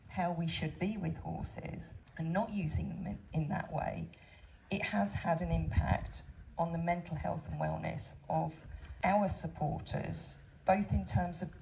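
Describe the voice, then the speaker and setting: A woman's voice: fairly low pitch, vocal fry, background noise. A middle-aged woman running a horse sanctuary, talking heartfelt and informally to visitors outdoors at a farm. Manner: heartfelt, conversational, many "you know" fillers. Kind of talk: informal talk to visiting crowd.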